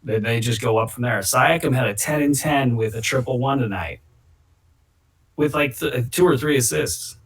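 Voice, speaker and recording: A man's voice: mid-range voice, moderate pace, slightly rough. Opinionated man rambling about basketball. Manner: opinionated, rambling, hot takes. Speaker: host. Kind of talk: casual sports chat.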